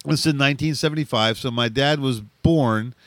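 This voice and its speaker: A middle-aged man telling a rowdy story in casual chat, animated, swearing freely and laughing often. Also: medium pitch, moderate pace, no room sound.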